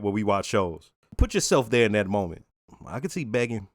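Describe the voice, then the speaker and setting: A man's voice: mid-range voice, expressive, a little fast, no echo, studio quality. A man hosting a reaction video, talking casually in slang and laughing often as he comments.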